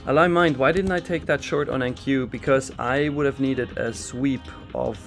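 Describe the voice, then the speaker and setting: Male stream host, mid-pitched, chatty, reads chat between market calls, faint music under. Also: fairly even intonation, moderate pace, vocal fry. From Switzerland. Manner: chatty, reads out and answers viewer chat while trading. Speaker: live trading stream host. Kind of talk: casual live market commentary. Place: in London for a trading expo.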